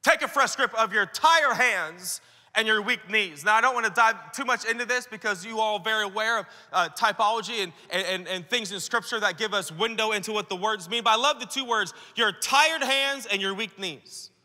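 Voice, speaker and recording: A man's voice: high voice, brisk, hardly any pauses, sharp tone, big-room sound. A man preaching a sermon to church leaders at a conference, talking casually and acting out the voices he quotes. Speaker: pastor. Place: large conference hall.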